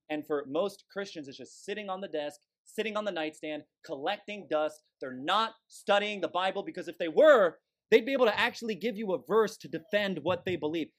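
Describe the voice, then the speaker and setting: Man, preacher, fiery sermon, forceful, scornful, emphatic. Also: high voice.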